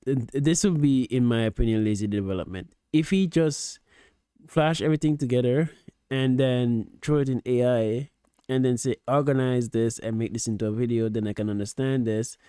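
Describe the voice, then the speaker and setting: A streamer reacting to a video talks casually in a dark, mellow, resonant voice pitched in the middle range, recorded close to the mic in a dry, dead room with no room sound. He explains his point patiently and clearly at a moderate pace, though he stumbles and repeats words.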